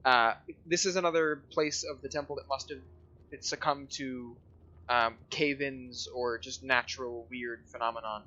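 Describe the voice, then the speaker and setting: A man's voice: mid-range voice, steady tone, moderate pace, bright, forceful tone, dull audio. A man running a tabletop game as dungeon master, describing scenes in a rambling, hesitant way with many fillers.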